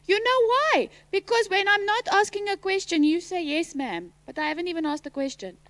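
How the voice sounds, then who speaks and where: A woman teacher at a school assembly speaks into a microphone fairly quickly, her pitch extremely high, with no echo. She's animated and playful, quizzing pupils and calling out loudly at points.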